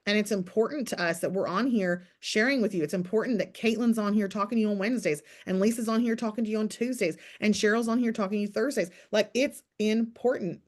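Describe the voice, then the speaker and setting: Talking fast with few pauses in a mid-range voice, a woman runs a morning business call on video. She's the team leader, giving informal pep talk and direct coaching while turning to individuals by name.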